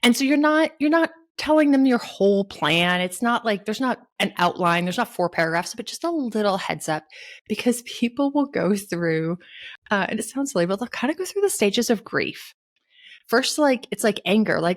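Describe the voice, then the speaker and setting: A woman guest on a podcast giving animated, emphatic advice, laughing often and acting out quoted bosses in casual talk. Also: mid-range voice, moderate pace. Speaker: guest author.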